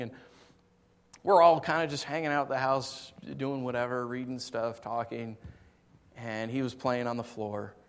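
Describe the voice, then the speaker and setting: A male preacher giving a sermon in a hall with a long echo that hangs after each phrase. His voice sits at an average pitch, and he moves between quiet, low asides and loud, emphatic preaching. In the story passages he talks casually and uses fillers. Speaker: pastor.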